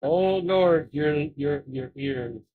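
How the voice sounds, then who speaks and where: A man hosting a casual live stream who talks in a halting way and often repeats his words. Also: a little high, phone-quality sound.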